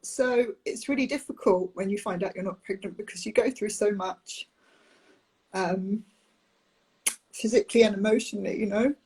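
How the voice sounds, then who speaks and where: A young adult woman, a nanny, talking candidly about a personal experience with many pauses and restarts over a video call. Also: medium pitch, darkish tone, husky. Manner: open, halting, with many ums and restarts. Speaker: nanny sharing her IVF experience.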